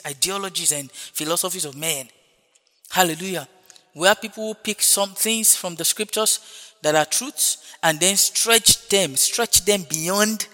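A man preaching a sermon, stretching words slowly for emphasis and dropping in hallelujah and praise God between points. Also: on the high side, sharp tone. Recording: long hall reverb.

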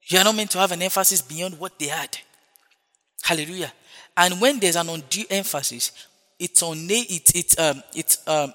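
A man preaching a sermon, stretching words slowly for emphasis and dropping in hallelujah and praise God between points. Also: a little high, pushed and bright. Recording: long hall reverb.

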